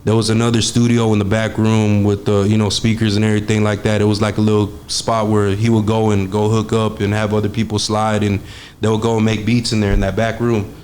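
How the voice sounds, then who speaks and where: A man's voice: fairly low pitch, completely flat delivery, a little fast, darkish tone, slight background noise. A young man, telling stories as a guest in a casual interview, laid-back and streetwise, swearing freely and using many fillers. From Texas. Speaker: guest, studio engineer.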